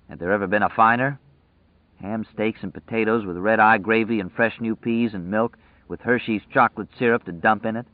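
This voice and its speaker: A man narrating a story in a measured, vivid storytelling manner, over tinny phone-like audio. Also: fairly low pitch, dry recording. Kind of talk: scripted narration.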